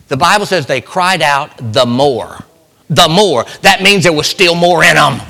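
A man preaching a sermon in a church, swinging from loud cries to hushed, near-whispered lines. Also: high voice, expressive, moderate pace, creaky, big-room sound. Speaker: pastor.

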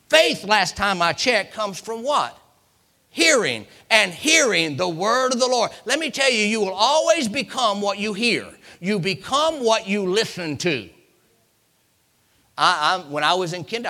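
A man preaching a sermon in a dramatic style, repeating phrases and swinging from loud to hushed. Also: high voice, wildly swooping pitch, unhurried.

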